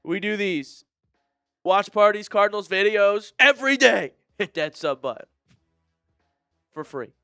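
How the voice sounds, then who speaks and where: Male fan streamer, smooth resonant voice on a dry close sound, excitable play-by-play that swings into disgusted muttering. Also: measured pace, pauses often, dry recording, faint music behind. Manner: excitable, swinging between shouted calls and low disgusted muttering. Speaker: fan watch-party streamer. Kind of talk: live play-by-play fan commentary.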